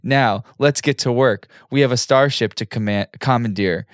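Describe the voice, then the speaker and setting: A man's voice: medium pitch, moderate pace, no echo, studio quality, natural voice. A man reading the lines of a smug, scheming male alien trader from a script in a plain voice. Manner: read aloud plainly, half-laughing.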